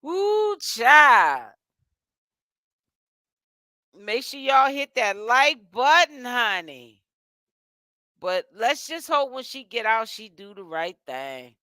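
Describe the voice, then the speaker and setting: A woman hosting a casual gossip commentary vlog in a sassy, chatty way, tired and yawning as she goes. Her voice is bright and forceful and sits on the high side. The sound is close and dry. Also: lively intonation, takes it slowly, clear, resonant tone, no room sound. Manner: sassy and chatty, calls listeners honey and child. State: tired, yawning while fasting. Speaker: host.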